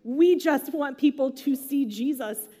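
A woman's voice: sits high, measured pace, mellow. Casual, chatty woman preaching a sermon. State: emotional, near tears. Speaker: pastor.

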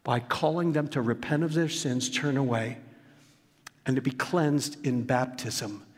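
With a medium pitch, a slightly breathy edge, and a long reverb tail, a male pastor delivers an unhurried sermon. His earnest, emphatic preaching mixes scripture with storytelling asides drawn from his own life.

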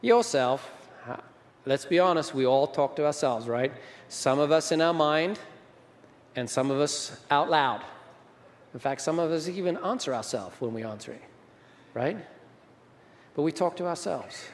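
A pastor preaches a sermon conversationally, frequently asking his audience questions, with the long reverb of a large hall around him. His voice is on the high side and lively, unhurried, with frequent pauses.

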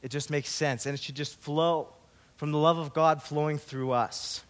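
A man pastor giving a sermon, opening with a story and then preaching slowly and earnestly. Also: a little high, fairly even intonation.

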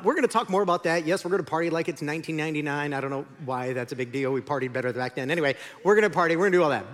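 A man's voice: on the high side, fairly bright tone. A man preaching a sermon as the pastor, conversational and joking, speaking in a large church auditorium.

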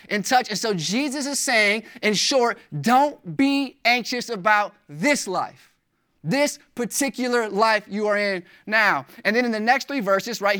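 Emphatic preacher with repeated phrases. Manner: wide swings in pitch and loudness for emphasis. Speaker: pastor. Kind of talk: sermon.

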